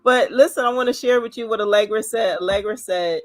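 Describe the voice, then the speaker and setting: A woman hosting a live video-call chat, animated and playful as she talks with her guest. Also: medium pitch, brisk. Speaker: host. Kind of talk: casual chat.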